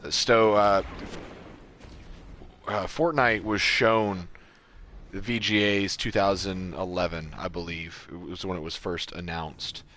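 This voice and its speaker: Deep-voiced excitable male streamer. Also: slow pace, a little hiss or hum. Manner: excitable, breaks into high yelps and laughter. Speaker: streamer playing with a friend. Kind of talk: casual live-stream gameplay chat.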